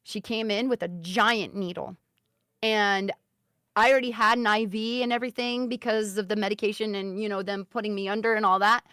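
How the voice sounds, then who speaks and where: A woman speaking in a mid-range voice recounts her story to a stream panel. She is earnest and emphatic, dropping into a soft, serious tone. The sound is dry and close. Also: mid-range voice, fairly even intonation, a little fast, clean tone, no room sound. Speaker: guest sharing a health story. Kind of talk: casual storytelling.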